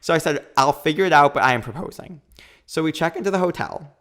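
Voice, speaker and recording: A man in his thirties, a podcast guest, telling a long story in a lively, quick way and acting out what people said. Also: a little high. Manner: animated, quick storytelling with acted-out quotes. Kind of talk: storytelling in a casual interview.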